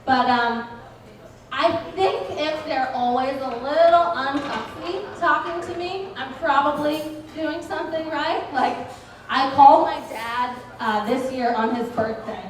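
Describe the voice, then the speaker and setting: A woman's voice: sits high, measured pace. A woman doing a stand-up comedy set in a bar, with a dry, sardonic, ironic delivery. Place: bar event venue. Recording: echoey room, mic picked up from far off.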